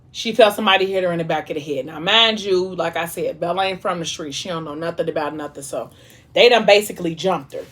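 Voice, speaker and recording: A young woman vlogger casually retelling a book's plot, acting out the characters' lines with lots of slang and drama. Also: fairly low pitch. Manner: animated, dramatic retelling with quoted dialogue and slang. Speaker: mukbang vlogger retelling a book. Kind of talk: casual storytelling chat.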